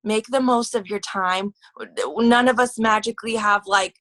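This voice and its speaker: Bright, excitable woman giving a pep talk. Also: medium pitch, unhurried, no room sound, low-quality recording. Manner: excitable, gushing, chatty with many fillers. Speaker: team leader. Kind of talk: motivational team call talk.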